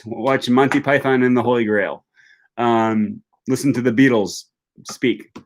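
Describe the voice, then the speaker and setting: Young male language streamer, casual Q&A, mid-pitched voice, loose and filler-heavy delivery. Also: unhurried. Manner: reads viewer questions aloud and answers chattily, many fillers. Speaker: language YouTuber hosting a live stream.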